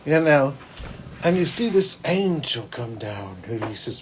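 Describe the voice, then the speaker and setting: A man, a psychic hosting his own show, telling a personal story in a rambling, restarting way that swings between loud and hushed. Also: medium pitch, big pitch swings, measured pace, noisy background. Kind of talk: spiritual podcast monologue, personal storytelling.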